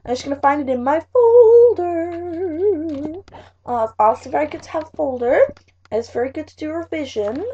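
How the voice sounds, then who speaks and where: A woman's voice: high voice, expressive, moderate pace, warm tone. A teenage girl, chatting through school revision notes in a rambling vlog, full of fillers. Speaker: vlogger. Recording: dull lo-fi webcam audio.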